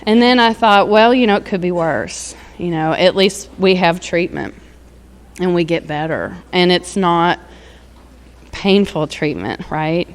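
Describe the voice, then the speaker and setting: A woman's voice: lowish voice, animated, unhurried. Candid woman sharing her story. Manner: candid, rambling, frequent fillers and laughs. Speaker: recovery speaker. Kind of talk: personal testimony.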